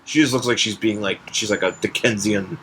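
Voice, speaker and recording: A man's voice: on the low side, a little fast, crowd noise. A man co-hosting a podcast in casual comedic chat, rambling and restarting his sentences as he acts out scenes. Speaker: podcast co-host.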